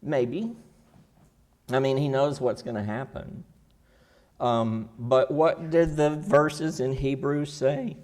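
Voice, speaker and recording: A man's voice: mid-range voice, steady tone, slow, darkish tone. Man teaching a church Bible class. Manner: asks the class questions, folksy and casual.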